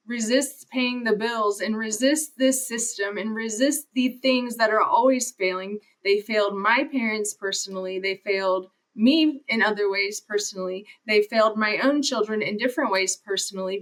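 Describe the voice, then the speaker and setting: A woman from Ohio talks casually as a podcast interview guest, with a fairly high voice. She speaks hesitantly, with fillers and trailing starts as she gathers her thoughts. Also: a bit bright. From Ohio, USA. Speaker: interview guest, social worker.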